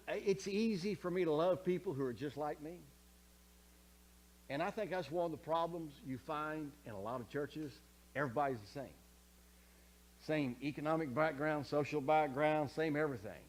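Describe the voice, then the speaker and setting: A man preaching a sermon as pastor, conversational, often checking in with the congregation, swinging from soft asides to loud emphatic scripture quotes. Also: a little high. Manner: animated, conversational preaching with frequent check-ins.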